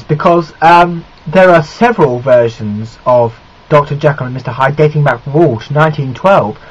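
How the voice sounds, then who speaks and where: Young guy rambling about an old film, husky kinda high voice, muffled camera sound. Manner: rambling, restarts often, chatty. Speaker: film vlogger. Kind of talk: casual video diary. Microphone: built-in camera mic.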